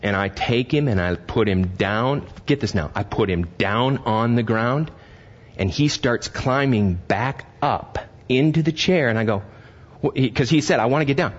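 A man's voice: medium pitch, unhurried. An older man preaching a sermon as pastor, talking plainly to his congregation and climbing to impassioned emphasis. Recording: dull lo-fi sermon recording.

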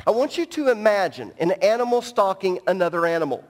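A man with a notably high voice delivers an animated, emphatic sermon in a church, breaking off for joking asides. His voice rings out with a long hall reverb around it. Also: brisk. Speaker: pastor. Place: large church sanctuary.

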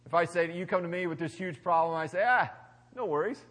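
A somewhat high-voiced man preaches to a congregation in a casual, conversational way. He rises to loud emphatic bursts, then drops to hushed, quiet phrases. His voice rings with the long reverb of a large hall. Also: completely flat delivery, fast talker. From United States. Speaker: pastor. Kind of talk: sermon.

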